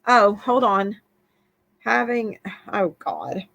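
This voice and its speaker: A woman's voice: medium pitch, very animated, slow pace, creaky, a bit bright, dull audio. A woman hosting a live stream in casual, laid-back chat, laughing often.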